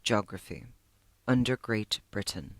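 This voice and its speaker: Terse, stern librarian, played by a woman: clipped and slow, dry sound. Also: rumbling low, expressive, dry recording, voice pushed down. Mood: curt. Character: curt, stern female school librarian.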